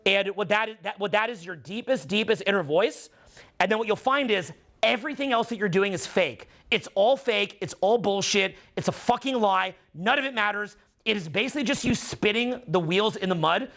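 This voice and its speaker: A middle-aged man giving an intense, preachy motivational monologue, swearing and slowing down to stress his points. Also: high-pitched, fairly bright tone. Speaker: dating and social skills coach.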